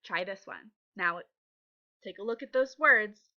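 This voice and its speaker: A woman's voice: mid-range voice, lively intonation, a little slow, bright, forceful tone, dull audio. A woman teaching young children to read, patient and encouraging as she sounds out letters. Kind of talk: reading lesson for young children.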